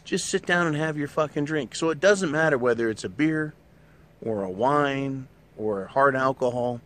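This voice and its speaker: On his own show, a middle-aged host rants through a blunt, opinionated monologue packed with profanity. His mid-range voice is a bit bright, with lively intonation and a moderate pace.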